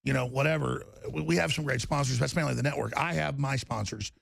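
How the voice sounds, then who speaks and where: A man hosting a live call-in talk show, talking in a rambling, excitable way that jumps from topic to topic. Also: mid-range voice, vocal fry, no room sound. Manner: rambling, excitable, fast-shifting delivery.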